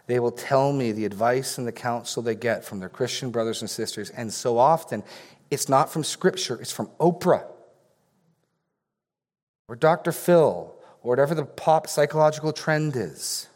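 Pastor preaching in a reverberant hall. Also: male voice, medium pitch, normal speed, a little mellow. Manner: reads scripture aloud, then explains it with pointed questions. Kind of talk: sermon.

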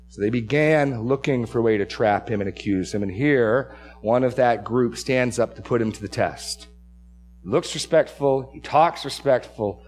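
A man's voice: mid-range voice, moderate pace, a little mellow, faint music behind. Man preaching a verse-by-verse sermon. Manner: repeats words and restarts, stresses key phrases. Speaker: pastor. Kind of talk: expository sermon.

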